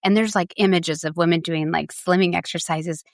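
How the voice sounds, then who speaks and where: A middle-aged woman, a dietitian and podcast guest, who tells animated stories and laughs often. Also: on the low side, normal speed, no echo, clean studio sound. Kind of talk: podcast interview conversation.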